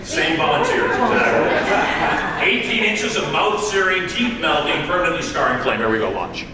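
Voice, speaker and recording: A man giving a live motivational talk to a room of sales agents, telling stories in an animated way with sudden loud bursts. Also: fairly high pitch, moderate pace, noisy background. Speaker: motivational speaker. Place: large event hall. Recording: long hall reverb.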